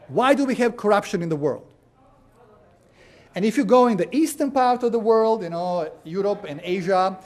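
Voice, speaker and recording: Man, high-pitched voice, sermon, storytelling, fillers. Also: a little mellow. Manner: storytelling, frequent "uh" and "you know". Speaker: preacher. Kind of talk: sermon with anecdotes.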